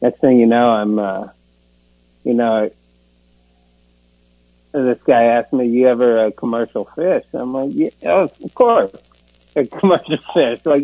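A man at a recovery meeting offers his personal testimony, laughing at himself often and inserting "you know" whenever he stalls. His story is rambling and self-deprecating, delivered in a mid-range voice. The recording is dry, tinny and phone-like.

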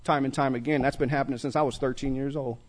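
A man's voice: medium pitch, steady tone, fast. A man sharing his recovery story at a meeting, telling it with street slang and laughter. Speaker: recovery speaker. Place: meeting room with audience.

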